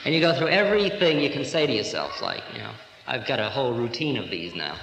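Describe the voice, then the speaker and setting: A man in his forties gives a spiritual talk to a live audience in a lecture hall, telling stories with a chuckle in his voice. The old recording rings with long hall reverb and a steady hiss underneath. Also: medium pitch, fast, gravelly. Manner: humorous, storytelling, chuckling. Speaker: spiritual teacher.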